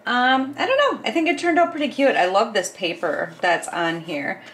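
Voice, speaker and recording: A woman's voice: fairly high pitch, animated, moderate pace, a bit bright. A woman hosting a casual craft video, narrating each step as she works, chatty with small laughs. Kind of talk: casual craft tutorial voice-over.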